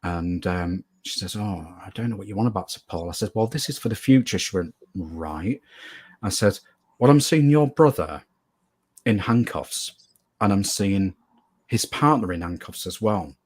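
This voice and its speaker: A man's voice: low-pitched, normal speed, husky. A man being interviewed as a guest medium, telling a story earnestly and at length, often repeating phrases for emphasis.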